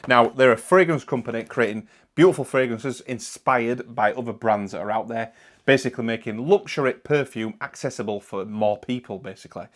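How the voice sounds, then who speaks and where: Man, northern english accent, casual product review host, chatty, relaxed, mid pitch, lots of ums. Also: fairly quick.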